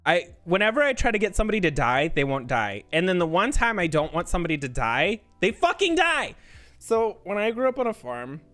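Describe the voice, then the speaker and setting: Excitable high-voiced man ranting at a game. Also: brisk. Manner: excitable, swearing, yelling at the game; bursts of laughter and frantic repeated protests. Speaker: game streamer. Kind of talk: live-streamed gameplay commentary.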